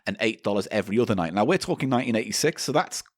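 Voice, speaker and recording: A man's voice: on the low side, lively intonation, rapid-fire, dry recording, clean studio sound. A man co-hosting a comedy podcast, telling a story and reading articles aloud, sometimes stumbling over words. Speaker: podcast co-host.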